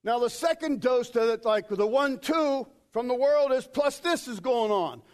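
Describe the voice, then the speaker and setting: A man preaching a sermon as pastor, swinging from shouted quotes to quiet asides. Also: very high-pitched, expressive, moderate pace.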